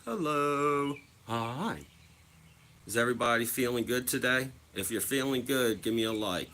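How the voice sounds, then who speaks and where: A man's voice: mid-range voice, unhurried, bright, forceful tone. A young man telling stories casually to his viewers, swearing freely and acting out other people's voices. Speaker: livestreamer.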